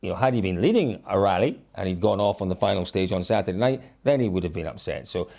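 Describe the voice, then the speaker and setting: A man's voice: low voice, fast talker, gravelly. A man hosting a casual rally review chat, energetically running through the standings. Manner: energetic, reels off results standings. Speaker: rally show host.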